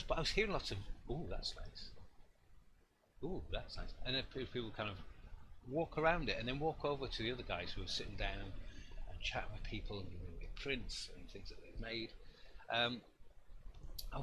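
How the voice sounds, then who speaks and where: A man's voice: medium pitch, pushed and bright. A man, an artist hosting a live stream, telling a story in a rambling, self-deprecating way with lots of restarts. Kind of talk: casual storytelling chat. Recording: noisy room ambience.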